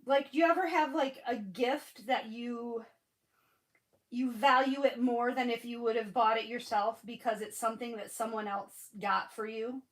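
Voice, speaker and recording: A woman's voice: on the high side, steady tone, moderate pace, rough recording. A middle-aged woman, chatting casually with viewers on a craft livestream, gushing and answering comments by name. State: sniffling after crying. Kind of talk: casual live-stream chat with viewers.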